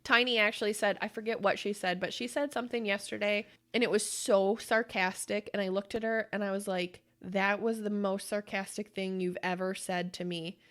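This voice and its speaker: A woman's voice: mid-range voice, fairly even intonation, normal speed, hardly any pauses, a bit bright. A woman co-hosting a podcast in casual chat, blunt and profane, acting out quoted voices as she tells stories. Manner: acts out quoted voices while telling stories. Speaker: podcast co-host.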